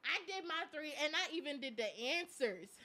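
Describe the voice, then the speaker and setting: A woman's voice: sits high, expressive, normal speed, sharp tone, a little hiss or hum. A young woman co-hosting a live chat stream, telling stories in a chatty way with slang and frequent laughter. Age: young adult. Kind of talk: casual chat.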